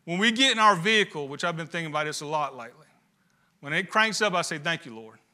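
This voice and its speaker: Man, pastor, sermon, rhetorical questions, high pitch. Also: animated, quick pace, bright, forceful tone. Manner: preaching with rising emphasis and rhetorical questions.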